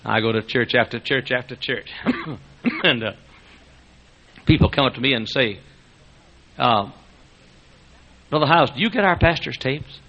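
An older man preaching a sermon, telling folksy stories, chuckling often and rising to loud exclamations. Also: mid-range voice, animated, unhurried, pauses often. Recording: dull lo-fi sermon recording.

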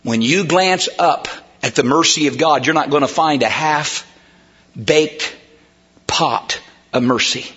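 Impassioned preacher man, high and bright. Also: slow, long pauses, dull audio. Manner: emphatic preaching, swinging from hushed to shouting. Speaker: pastor. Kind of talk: sermon. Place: church sanctuary.

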